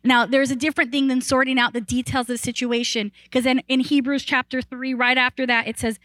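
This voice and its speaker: A woman pastor preaching a sermon in a chatty, animated way. Her voice sits high and sounds bright and forward. The sound is close and dry, with little room around it. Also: fairly quick, dry recording, poor audio. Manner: animated, rises in pitch and volume when excited; conversational with frequent "like" and restarts.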